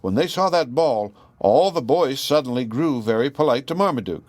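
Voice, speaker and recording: A man narrating a children's storybook in a gentle, expressive way. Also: mid-range voice, moderate pace, no echo. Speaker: audiobook reader.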